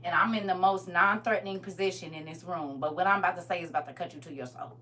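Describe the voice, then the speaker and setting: A woman giving an impassioned testimony, swinging between shouting and low intense talk with lots of emphatic repetition. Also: fairly even intonation, fast talker, recorded from a distance, slight background noise.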